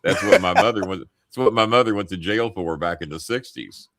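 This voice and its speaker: A man's voice: sits low, fairly quick, fairly bright tone, no echo, clean studio sound. An older male host telling rambling, profane stories, laughing as he goes. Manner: rambling, swears freely, laughs mid-sentence. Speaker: show host. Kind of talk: profane comic storytelling.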